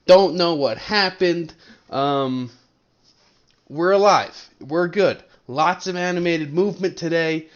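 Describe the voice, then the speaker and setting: Taking it slowly in a fairly high voice, a young man from Colorado does a casual fantasy league recap into his desk webcam. The sound is lo-fi, and he rambles along with jokes and teasing banter at his friends' expense.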